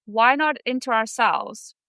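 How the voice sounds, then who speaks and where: A woman's voice: on the high side, sing-song, measured pace, sharp tone, dry recording. A woman guest telling personal stories on a podcast, heartfelt and earnest. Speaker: podcast guest, sales student. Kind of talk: candid personal storytelling.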